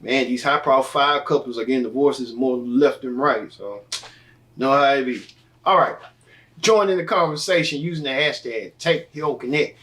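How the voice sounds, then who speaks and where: A man's voice: fairly high pitch, animated, moderate pace, a bit bright, distant mic. Rambling man hosting a gossip show. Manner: loose, rambling, with many fillers and self-corrections. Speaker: host. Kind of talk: casual entertainment news talk.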